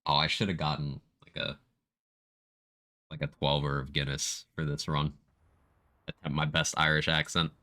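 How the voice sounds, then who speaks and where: A man's voice: very deep voice, completely flat delivery, moderate pace, pauses often, bright, forceful tone. A man streaming a video game, chatting casually about gear and reading out viewer comments as he plays. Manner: chatty, reads out viewer chat while playing.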